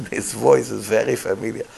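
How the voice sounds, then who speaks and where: A man, a rabbi, giving a Torah lecture in emphatic, animated style, dropping Hebrew phrases into non-native English. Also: on the low side, measured pace, vocal fry, breathy edge.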